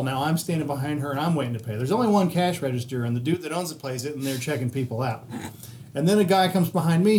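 Profane, animated male podcast storyteller. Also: fairly high pitch, slight background noise. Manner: profane, animated anecdote-telling with quoted voices. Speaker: podcast co-host. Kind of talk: casual storytelling.

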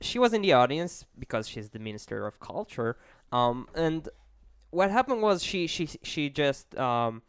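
Halting Israeli man with a smooth voice. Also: on the high side, sing-song, no room sound, studio quality. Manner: hesitant, searches for English words with many fillers. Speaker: podcast co-host. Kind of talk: casual podcast chat.

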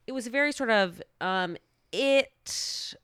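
Bright, animated young woman guest. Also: a little high, slow, smooth, no echo, studio quality. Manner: animated storyteller, acts out quotes. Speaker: podcast guest. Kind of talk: casual chat.

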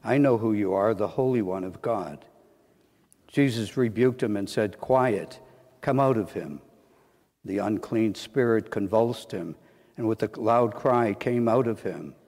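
A man with a lowish voice reads Scripture at a church service in a measured, formal cadence. The church's long reverb rings after each phrase. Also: darkish tone. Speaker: clergyman reading the Gospel. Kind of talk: liturgical Gospel reading.

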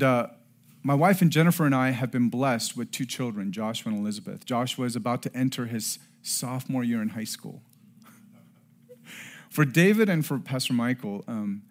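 A middle-aged man preaching a sermon and telling a personal story, earnest, rising to loud emphasis and dropping to hushed tones. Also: mid-range voice, moderate pace. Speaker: pastor.

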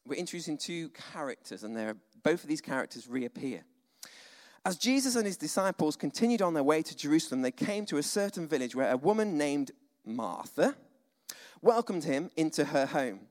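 A male preacher giving a conversational, animated sermon, full of asides and dramatic sighs. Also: a little high, normal speed. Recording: long hall reverb.

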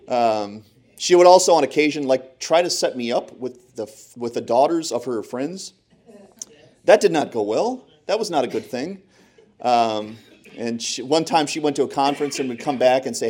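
A man preaching a humorous sermon, telling animated, self-deprecating stories. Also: medium pitch, brisk.

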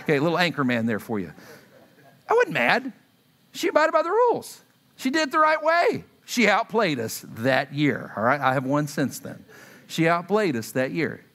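A man's voice: on the high side, normal speed. A man in his thirties preaching a sermon, telling stories and acting out quotes as he speaks to his congregation. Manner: animated, acts out quotes, asks the audience. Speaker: pastor. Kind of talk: sermon with storytelling.

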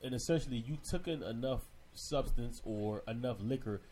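A man's voice: mid-range voice, moderate pace, dark tone, slight background noise. A man co-hosting a podcast who gives his friends earnest advice in casual chat. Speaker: podcast co-host.

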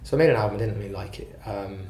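A man with a low voice talks through his career as a singer-songwriter in a loose, rambling way, quick to poke fun at himself. The recording sounds roomy, with some echo. There is a faint hum of ambience behind him. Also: mellow. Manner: rambling, self-deprecating storytelling. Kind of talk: casual interview chat.

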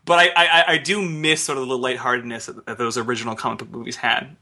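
A young man chatting as a podcast co-host, his voice very bright and ringing. He jokes around and breaks into laughter often, keeping things loose and casual. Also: mid-range voice, fast, slight background noise. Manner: laughs often, animated and joking. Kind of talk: casual chat.

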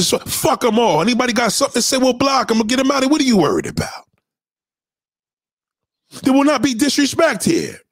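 Brief: male livestream host, high-pitched and very animated, profane combative rant, dry close sound. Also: dry recording. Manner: profane, combative, repeats himself. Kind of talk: unscripted rant to a live chat.

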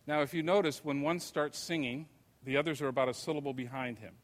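An older man giving a lecture, telling stories in an unhurried, conversational way. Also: on the high side, fairly even intonation. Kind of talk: anecdotal lecture. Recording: long reverb of a lecture hall.

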